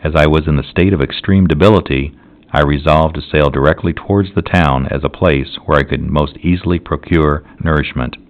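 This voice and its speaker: A man narrating a classic novel as an audiobook, in a measured, solemn reading. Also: rumbling low. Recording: dull lo-fi recording.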